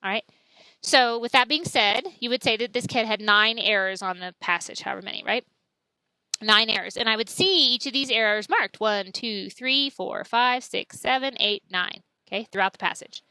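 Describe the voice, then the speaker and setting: Bright, clear woman teaching class. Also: a little high, normal speed, no echo, low-quality recording. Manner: chatty and explanatory, demonstrating sounds aloud. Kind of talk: classroom lecture.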